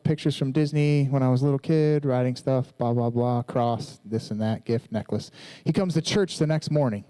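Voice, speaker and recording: A man in his thirties preaching, telling a personal testimony in a casual, animated storytelling way. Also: medium pitch, rough recording.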